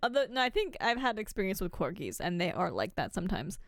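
A woman co-hosts a podcast, recapping a TV episode in a relaxed, chatty way with casual asides. Her voice has a middling pitch for a woman. She is recorded close on a dry mic, with no room sound. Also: fast, no room sound. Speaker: podcast co-host.

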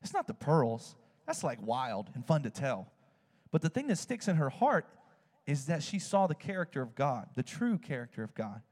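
A man preaching a sermon, telling a story with animated swings in his voice. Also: moderate pace, long reverb tail. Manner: animated storytelling, swings high when excited.

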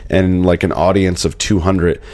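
A man's voice: sits low, normal speed, no echo. A man, a filmmaker guest, telling stories in a casual interview and acting out the people he quotes. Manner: animated storyteller, acts out quotes.

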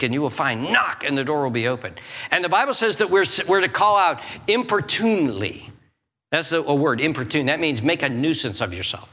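A man preaching a sermon, acting out prayers and inner voices with animated delivery. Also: fairly high pitch, long reverb tail. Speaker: pastor. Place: church.

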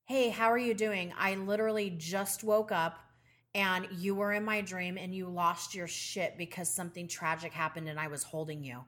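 Blunt, foul-mouthed middle-aged female co-host, bright voice that acts out the people she quotes. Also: fairly low pitch, steady tone, normal speed. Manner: blunt, profane storytelling. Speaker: podcast co-host. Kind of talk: casual chat.

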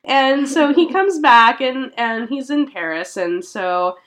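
A woman's voice: high-pitched, lively intonation, slow pace, fairly bright tone. A woman hosting a podcast, telling history in a chatty storytelling way with lots of fillers. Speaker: podcast host. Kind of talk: casual art history chat.

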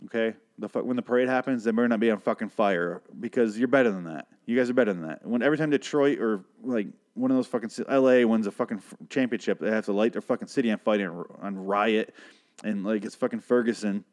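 A man's voice: lowish voice, quick pace, darkish tone. A man from Michigan hosting an unscripted solo podcast, rambling and swearing in an exasperated rant. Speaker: podcast host.

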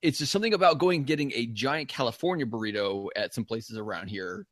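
A man with school-age kids, chatting fast and animatedly as a podcast co-host. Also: medium pitch, expressive, fairly bright tone, dry recording, clean studio sound. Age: adult with school-age kids. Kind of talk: casual chat.

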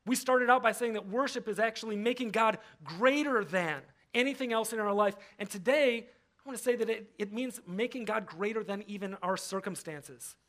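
High-voiced man preaching conversationally. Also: normal speed, a bit bright. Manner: conversational, acts out quoted voices, frequent fillers. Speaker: pastor. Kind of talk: sermon. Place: church.

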